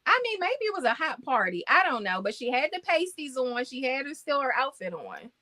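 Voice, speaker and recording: A middle-aged woman chats with a friend, high-pitched and swinging all over her range. Her voice is bright and sharp, and her exclamations come out loud and playful. The sound is close and dry. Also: very animated, brisk, no room sound. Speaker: co-host. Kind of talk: casual chat.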